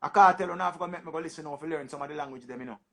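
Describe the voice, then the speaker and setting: A young man with a Jamaican accent, hosting a casual livestream and bantering in animated patois, often repeating himself. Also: a little high, racing, creaky. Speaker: livestream host. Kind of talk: casual livestream chat with callers.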